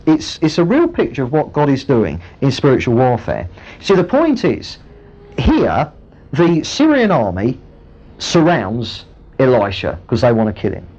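A man preaching a sermon, retelling a Bible story with lively storytelling. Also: a little high. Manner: storytelling, animated, acts out the characters. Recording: muffled lo-fi recording.

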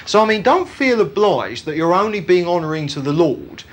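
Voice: medium pitch, very animated, moderate pace. A preacher giving an emphatic Bible teaching sermon, often putting rhetorical questions to the congregation.

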